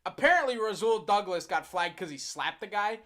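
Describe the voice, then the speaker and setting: A man with a high, bright, sharp voice calls a football game live on stream. He moves between quick play-by-play and exasperated, sarcastic rants at his own team's blunders. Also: lively intonation. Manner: exasperated ranting with bursts of sarcasm. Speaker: sports streamer.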